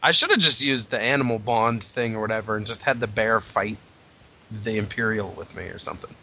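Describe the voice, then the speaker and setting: A man co-hosting a podcast who tells lively game anecdotes and swears freely in casual chat. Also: on the low side, a little fast, vocal fry. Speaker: podcast co-host.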